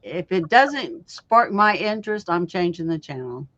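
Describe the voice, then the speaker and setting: Slow-talking woman, casual stream chat. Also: fairly low pitch, sing-song, fairly bright tone, no room sound. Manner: storytelling, laughs often, acts out voices in retelling. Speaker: co-host of a live stream. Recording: dull lo-fi stream audio.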